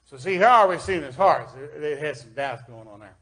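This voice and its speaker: Folksy Southern preacher, high voice. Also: male voice, animated, fairly quick, hardly any pauses. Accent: Kentucky Southern US. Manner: folksy, swings from loud emphasis to quiet asides. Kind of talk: sermon with scripture reading. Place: church.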